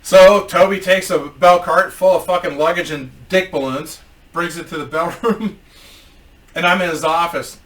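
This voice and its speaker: A man telling a comic story with animated delivery and constant swearing. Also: on the high side, moderate pace. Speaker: comedian storyteller. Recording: roomy echo, mic at a distance.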